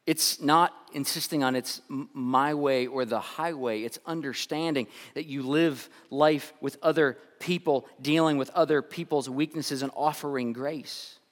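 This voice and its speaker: A man's voice: mid-range voice, fairly even intonation, a little slow, hardly any pauses. A male pastor giving a conversational sermon, telling stories and often restarting and repeating his words. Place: church sanctuary. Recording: long reverb.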